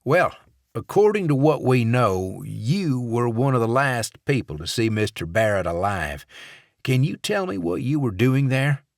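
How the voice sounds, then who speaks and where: A man's voice: medium pitch, very animated, unhurried, no echo, clean studio sound, pitched above the performer's own voice. A man as a chatty small-town male investigator. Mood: chatty probing. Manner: chatty, probing, easygoing.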